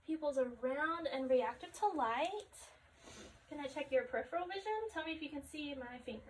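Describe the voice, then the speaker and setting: A woman conducting a step-by-step health assessment, calmly asking questions and repeating the answers back. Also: high-pitched, a little fast. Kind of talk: clinical health assessment demonstration. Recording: distant mic with faint background noise.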